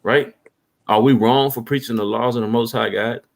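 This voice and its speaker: A man's gravelly, mid-range voice holds a steady tone as he preaches on the street. He takes the scripture slowly, asks rhetorical questions, and keeps adding "man" to his lines.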